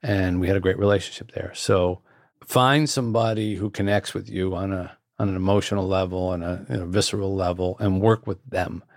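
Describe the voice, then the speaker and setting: A man with a low, gravelly voice tells a story earnestly as a guest. His speech is warm and intimate. The sound is dry and close, with no room echo. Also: fairly even intonation, a little fast. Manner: earnest, repeats phrases. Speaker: author, guest. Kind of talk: anecdotal storytelling.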